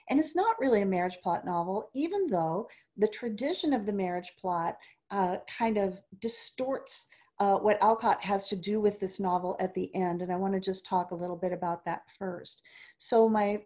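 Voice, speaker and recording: A woman giving organized, explanatory remarks as a panelist at a book club event, often pausing with "uh", over a video call. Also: medium pitch, animated, dark tone. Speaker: literature panelist.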